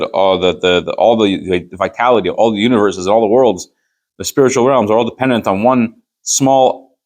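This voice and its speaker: A rabbi with a lowish voice leads a Chassidus class, reading and translating a rabbinic text for Torah study. He reads the Hebrew aloud, then explains it in English with emphatic rhetorical questions.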